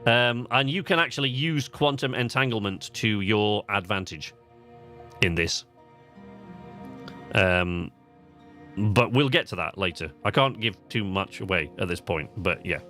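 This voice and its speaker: A man's voice: lowish voice, measured pace, long pauses, bright, forceful tone, soft background music. A man streaming a video game live, chatting eagerly to his viewers, with plenty of fillers. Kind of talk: gaming livestream commentary.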